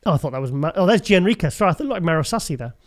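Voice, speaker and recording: A man's voice: fairly high pitch, lively intonation, racing. A man hosting a casual show, chatting and rambling as he looks through pictures and laughs often. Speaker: host.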